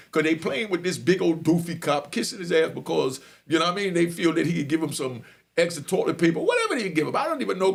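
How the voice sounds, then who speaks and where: A middle-aged man telling his own story casually, slangy and animated, often asking if you get him. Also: fairly high pitch, vocal fry. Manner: animated, slangy, keeps asking "you know what I mean".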